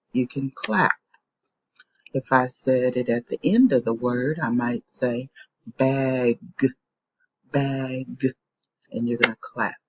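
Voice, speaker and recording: A woman teaches young children their letter sounds, saying each word twice in a slow, patient way. Her voice is a little husky. The recording is dry, close and lo-fi, with a dull tone. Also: a bass voice. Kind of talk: phonics lesson for young children.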